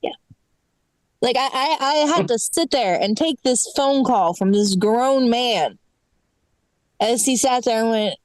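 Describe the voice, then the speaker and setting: A woman performs stand-up on a club stage, full of sarcastic exasperation. Her pitch swoops widely as she mimics callers and complains. The sound is close and dry. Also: expressive, measured pace, pauses often, no room sound, poor audio. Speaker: stand-up comedian. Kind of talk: stand-up set.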